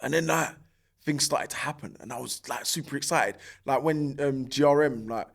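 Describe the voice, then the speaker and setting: A podcast guest with a medium-pitched voice and some vocal fry recounts his story at a normal pace. He's animated, raising his voice to act out the lines he quotes, and his talk is loose street slang packed with fillers.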